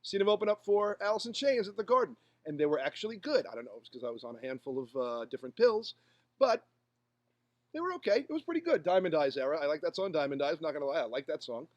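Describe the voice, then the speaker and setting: A man's voice: fairly high pitch, animated, fast, dry recording, dull audio. A man co-hosting a casual podcast, blunt, crude and opinionated. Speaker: podcast co-host. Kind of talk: casual chat.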